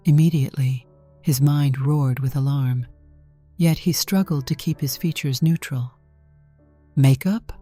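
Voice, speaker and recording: A woman narrating a story in a calm, measured way from a script. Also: sits low. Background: faint music.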